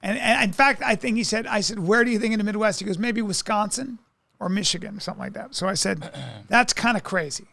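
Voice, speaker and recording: A man's voice: high voice, fast talker, vocal fry, bright, forceful tone, no room sound. A man from New York co-hosting a podcast, telling a long story in a rambling way, full of restarts and acted-out quotes. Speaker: podcast co-host. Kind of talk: casual comedic chat.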